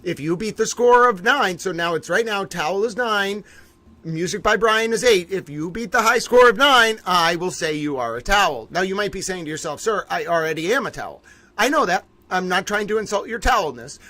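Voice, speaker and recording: Man, bright high voice, dry close mic, theatrical livestream gamer with mock-grand proclamations. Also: no room sound. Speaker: livestream co-host. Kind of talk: excited livestream chatter while playing a game.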